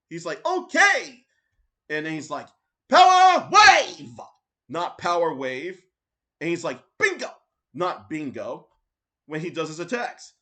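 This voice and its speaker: This commentary YouTuber is a man with a medium-pitched, slightly bright voice. He delivers a sarcastic, mocking reaction, swearing and mimicking other people's voices.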